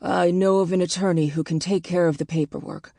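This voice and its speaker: A woman doing a gruff, deep-voiced husband. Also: fairly even intonation, a little fast, warm tone, dry recording, clean studio sound. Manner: gruff and tight.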